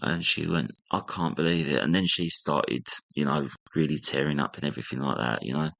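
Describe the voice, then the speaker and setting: A man's voice: extremely low pitch, fairly quick, creaky. A young man casually retelling a family story, acting out what each relative said. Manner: animated retelling, acting out family members' lines. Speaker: guest.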